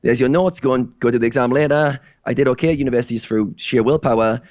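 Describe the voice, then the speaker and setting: A man talks in a rapid, eager stream of casual chat. He slips into quick little acted-out exchanges as he goes. The sound is dry and close. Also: mid-range voice, a little mellow, dry recording. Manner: eager, rapid-fire, acts out dialogues.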